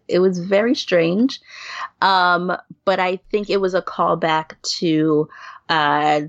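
Low-pitched with vocal fry, this woman from New York chats casually as a podcast guest, frequently laughing and backtracking mid-sentence with lots of fillers. There's no room sound, and the audio is dull and lo-fi.

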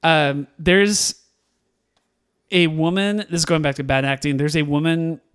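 A man with a somewhat high voice, chatting through a film review on a podcast. He is animated, laughs often and puts on the characters' lines as he retells scenes. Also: measured pace, clean tone. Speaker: podcast co-host. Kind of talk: casual movie review chat.

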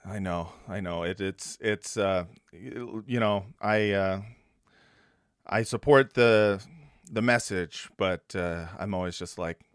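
A male podcast host talks at a slow, unhurried pace. His voice is smooth and clear, and he speaks in a wry, hesitant way full of fillers. The recording is dry and close. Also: low voice, dry recording. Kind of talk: casual chat.

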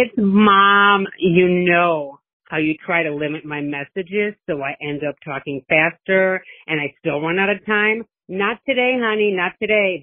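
A woman's voice: lowish voice, no echo. A middle-aged woman leaving a long, chatty voice message, gushing and rambling. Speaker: listener calling in with a voice message. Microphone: phone. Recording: tinny phone line.

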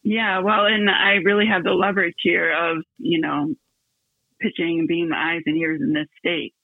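A woman's voice: fairly low pitch, flat delivery, normal speed, creaky, no echo. A woman on a call as an interview guest, giving eager, polite, short replies. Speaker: interview guest and job seeker. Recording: tinny phone line.

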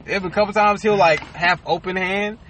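A young adult man co-hosting a podcast, talking in a casual, profane and animated way, acting out quotes as he tells stories. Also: high-pitched, moderate pace, background noise. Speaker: podcast co-host. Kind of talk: casual chat.

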